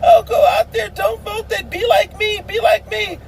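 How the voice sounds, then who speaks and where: A man putting on a shrill, wailing falsetto to mock a sobbing, pleading, self-righteous celebrity actor. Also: level tone, moderate pace, gravelly, a loud crowd, very noisy.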